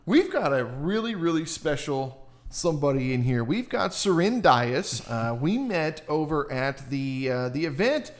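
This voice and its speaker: A man's voice: a little high, very animated, measured pace. A man hosting a radio interview, talking in a casual, effusive and enthusiastic way. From England. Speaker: radio show host.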